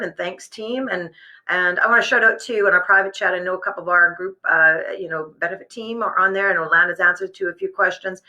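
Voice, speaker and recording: A woman hosts a live business webcast from her home workspace. Her voice is very bright and sharp, and her talk is chatty and rambling, full of fillers and restarts. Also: fairly low pitch, rough recording. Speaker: host.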